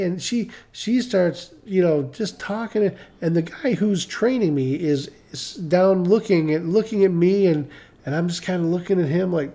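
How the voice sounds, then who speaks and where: A man's voice: sits high, normal speed, dark tone. A middle-aged man casually telling a personal story on a live stream, rambling and repeating himself as he acts out what others said.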